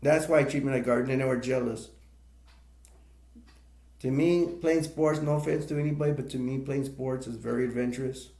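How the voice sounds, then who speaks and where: A man's voice: medium pitch, fairly even intonation, fairly quick, dark tone. A man rambling emotionally through tears in a live stream monologue, repeating himself as he talks. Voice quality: gravelly. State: crying. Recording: echoey room.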